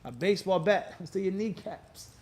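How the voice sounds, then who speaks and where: A man teaching Islamic law to a class, animated and quizzing his students again and again. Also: sits high, moderate pace, slight background noise. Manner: animated, quizzes class with repeated "what?" prompts; acts out quoted people in lively bits. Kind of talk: classroom lecture.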